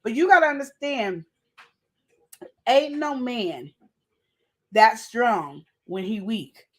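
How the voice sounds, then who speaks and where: A woman hosting a casual relationship advice show, telling stories in an animated, slangy way. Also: fairly high pitch, slow pace. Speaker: host.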